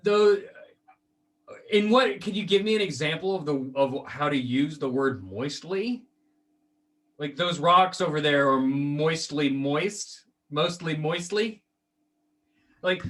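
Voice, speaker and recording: A man's voice: fairly high pitch, slow, pauses often, a bit bright. A man co-hosting a casual podcast chat, swinging into comic mock-outrage rants with silly quoted voices. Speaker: podcast co-host.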